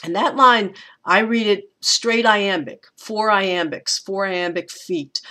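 A woman teacher giving a recorded lecture, talking in a thoughtful, unhurried way with frequent pauses and restarts. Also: mid-range voice, pushed and bright.

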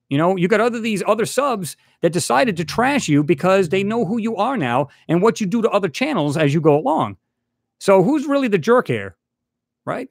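Channel host, male, fairly high voice with big swings, dry close sound, angry rant style. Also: big pitch swings, brisk, gravelly, no echo. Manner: heated, repetitive, addresses a rival directly. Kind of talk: angry ranting vlog.

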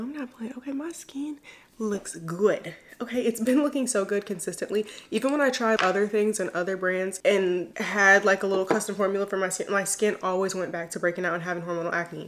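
Chatty young woman vlogger, slangy. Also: mid-range voice. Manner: chatty, slangy, lots of "like" and "y'all". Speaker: beauty vlogger. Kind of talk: casual get-ready-with-me chat.

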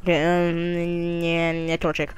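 A woman's voice: lowish voice, monotone, takes it slowly. Goofy crude woman gaming. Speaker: gamer. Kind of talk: casual let's play commentary.

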